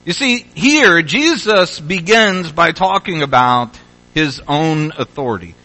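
A man from Louisville, Kentucky, preaching in a high, bright voice. He talks through the sermon in an easy, conversational way, repeats himself as he restarts phrases, and now and then builds to energetic calls. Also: takes it slowly, rough recording. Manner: conversational, with restarts and rising exhortations. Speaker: pastor.

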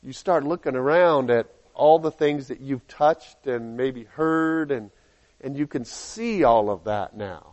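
A man preaching a sermon, reading scripture aloud and acting out the people in it with lively changes of voice. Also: mid-range voice, unhurried, muffled recording. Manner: animated, acts out dialogue in quotes.

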